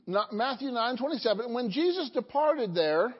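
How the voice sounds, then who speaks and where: High-voiced woman preaching in an echoing hall. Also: expressive, brisk, hardly any pauses, husky. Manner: asks the congregation questions, joking asides. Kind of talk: sermon. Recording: dull lo-fi hall recording.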